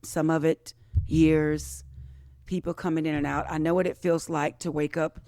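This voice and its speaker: A woman's voice: sits low, level tone, moderate pace, warm tone, no echo, clean studio sound. A woman guest on a podcast, telling a personal story with feeling, repeating phrases and acting out what others said. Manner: emotional, repeats phrases, acts out quoted voices.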